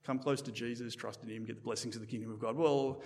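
A man preaching a sermon in a church in a conversational, animated way, often restarting his sentences. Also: mid-range voice, fast, in a large hall, a little hiss or hum. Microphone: microphone.

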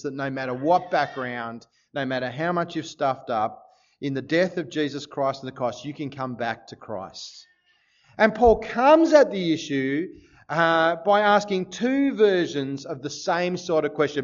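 Joking preacher, muffled recording. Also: male voice, a little high. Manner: lively, joking, asks the congregation questions. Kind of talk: sermon. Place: church service before a congregation.

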